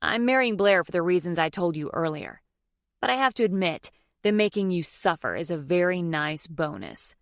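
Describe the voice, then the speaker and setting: Una narradora haciendo de un primo engreído y cruel. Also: female voice, fairly low pitch, expressive, no echo, clean studio sound. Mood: smug taunting. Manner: smug, slow and taunting. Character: smug, cruel young man, the rival cousin.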